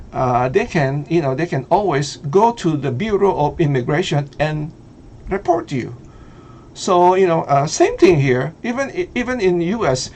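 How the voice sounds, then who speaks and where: A middle-aged man with a Filipino accent talks in a loose, halting way, filling pauses with "uh" and "you know" and breaking into easy laughs. His voice sits a little high for a man. A faint hum of room noise runs behind him. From Philippines. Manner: hesitant, many fillers, laughs easily. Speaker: vlogger. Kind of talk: casual commentary.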